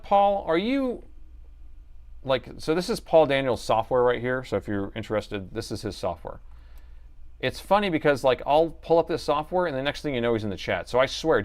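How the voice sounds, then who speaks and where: A man hosting a live stream, chatting casually and explaining each step of a repair while joking with viewers. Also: medium pitch. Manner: chatty, explains steps while working, jokes with chat. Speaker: livestream repair host.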